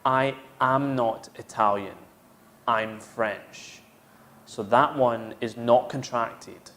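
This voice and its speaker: A man's voice: fairly low pitch, a bit bright. A man teaching an English grammar lesson, explaining step by step and repeating each example sentence. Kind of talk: slow, patient grammar lesson.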